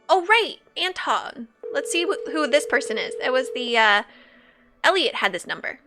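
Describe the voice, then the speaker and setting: A woman's voice: high voice, big pitch swings, moderate pace, music in the background. A woman streaming a game live, chatting playfully, laughing and reading chat aloud. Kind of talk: casual live-stream commentary.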